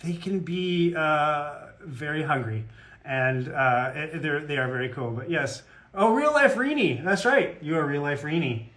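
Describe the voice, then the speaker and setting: Guy rambling and joking with fans on a live stream, slightly high voice, laughs at himself. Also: lively intonation, measured pace, a bit bright. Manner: rambling and jokey, self-deprecating. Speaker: guest voice actor at a fan autograph Q&A. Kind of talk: casual live-stream chat.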